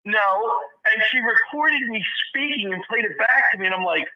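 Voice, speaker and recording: A man's voice: high voice, lively intonation, normal speed, few pauses. A man with a nasal voice calling in as a guest, rambling and poking fun at himself in a casual chat. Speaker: phone-in guest. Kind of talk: casual chat over the phone. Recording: muffled phone line.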